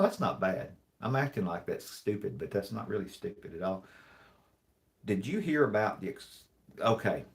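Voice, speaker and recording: A man hosting a live stream, reading jokes aloud in a dry, deadpan way and rambling with many restarts and apologies. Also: sits low. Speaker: livestream host. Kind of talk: casual livestream chat, reading jokes aloud.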